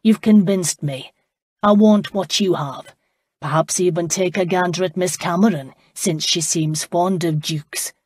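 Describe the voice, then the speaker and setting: Woman reads a belligerent Scottish lout: rolling brogue, loud and blunt, low husky tone. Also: a little slow, no echo. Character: surly brawling Scottish man, duke's lost brother. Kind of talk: audiobook character voice.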